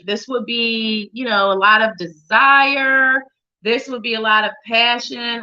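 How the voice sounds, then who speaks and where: Bright and forceful, this woman's fairly high voice moves a little slowly as she reads tarot on a live show. She chats playfully, speaks directly to viewers by name, and hums little tunes as she shuffles; the livestream audio is dull and lo-fi.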